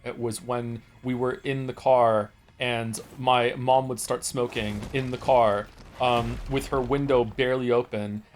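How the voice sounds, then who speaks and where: A man's voice: mid-range voice, a little hiss or hum. A man in his forties from Wales, streaming and chatting casually, telling stories in a rambling, profane way with many restarts. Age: 40s. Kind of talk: casual chat.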